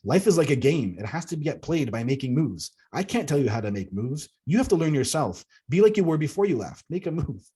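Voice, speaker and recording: A kindly, stern elder alien woman speaking high and lifted, with a husky edge, as a man puts her on while reading his own story. She greets warmly and urges firmly. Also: big pitch swings, a little fast, few pauses, exaggerated voice. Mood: urging. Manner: friendly, then firm and urging.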